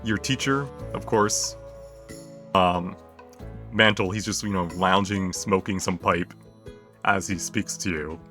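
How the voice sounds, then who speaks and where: A man narrating a tabletop game as game master, in a relaxed, rambling way with fillers. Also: sits low, slow pace, long pauses, faint music behind.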